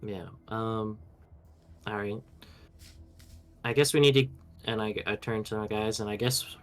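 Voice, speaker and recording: A man's voice: lowish voice, fairly even intonation, a little slow, long pauses. A man playing a tabletop game, talking casually and unsurely, with many fillers. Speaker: player.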